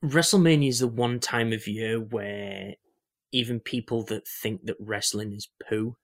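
A young man with a lowish voice, chatting casually as a podcast co-host. He rambles with many fillers and restarts, talking about whatever comes to mind. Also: unhurried. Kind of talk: casual chat.

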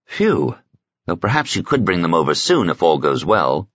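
A man reading an audiobook, voicing an anxious, quick-questioning nobleman. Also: low-pitched, sing-song, a bit bright, slightly rough, no room sound, lo-fi sound, exaggerated voice. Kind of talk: audiobook character voice.

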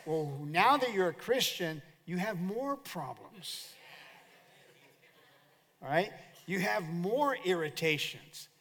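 An older man preaches with a high voice and calls out to his congregation for answers. His sermon rings through a hall with a long echo. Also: slow. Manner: animated preaching with call-and-response to the congregation. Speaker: pastor.

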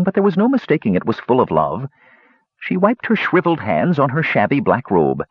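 A man reading a fantasy story aloud with expressive storybook narration. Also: lowish voice, normal speed, slightly rough, dry recording. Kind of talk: audiobook narration. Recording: dull lo-fi recording.

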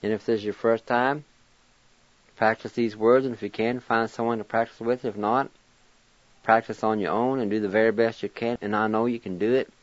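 A man's voice: on the low side, fairly even intonation, normal speed, no room sound, muffled recording. A man teaching word pronunciation, spelling each word letter by letter and encouraging learners. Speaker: language teacher and radio host. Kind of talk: slow spelling and pronunciation lesson.

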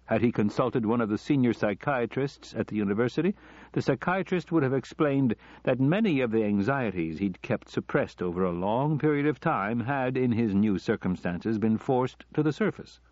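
A man narrating an audiobook story in a measured, even storytelling manner. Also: mid-range voice, dry recording. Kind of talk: scripted narration. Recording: slightly dull lo-fi recording.

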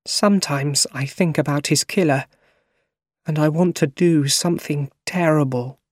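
Guy reading doing a frail old aunt, high shaky voice, slow, sad storybook reading. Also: darkish tone, dry recording, studio quality. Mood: sorrowful. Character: elderly widowed aunt, tired and tearful.

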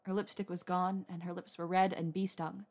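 A woman narrating a romance story aloud in a soft, unhurried reading voice. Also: fairly low pitch, flat delivery. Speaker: audiobook narrator.

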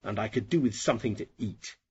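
A man reading the lines of a firm, nagging housewife in a story, with a husky voice. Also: on the low side, fast, highs cut off. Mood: bossy. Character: bossy, practical housewife.

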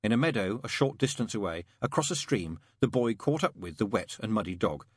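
A middle-aged man reading a story aloud in an expressive, playful storytelling manner. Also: lowish voice, fairly quick, husky, no room sound, clean studio sound. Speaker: audiobook narrator. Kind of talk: scripted audiobook narration.

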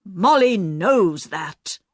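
A woman's voice: medium pitch, lively intonation, extremely slow, no echo, clean studio sound. A woman reading a storybook part, voicing a dismissive man who speaks matter-of-factly. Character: man, dismissive family relative.

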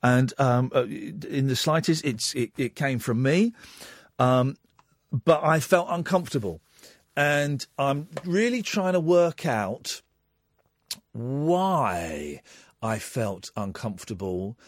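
A man's voice: mid-range voice, slow, no room sound, studio quality. A man hosting a late-night phone-in radio show, talking openly and reflectively with callers. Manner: open, reflective, animated. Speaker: radio host. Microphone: studio microphone.

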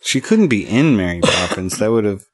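A man's voice: on the low side, sing-song, normal speed. Dry-humored man in casual chat. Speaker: podcast co-host.

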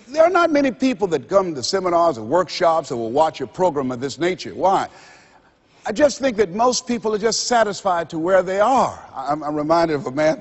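A man delivers a motivational speech from a stage, his pitch swooping high and low as he builds each point like a preacher. His voice has a husky edge, and the lo-fi recording carries a long echo from a big hall. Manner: dramatic, acts out quoted voices, preacher-like build-ups. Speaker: motivational speaker. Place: stage in a large hall with a live audience. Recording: lo-fi recording in a large reverberant hall.

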